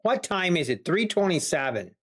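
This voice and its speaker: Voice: medium pitch, sing-song, normal speed. A day trader talking to a live-stream chat, muttering exasperated complaints and playful teasing.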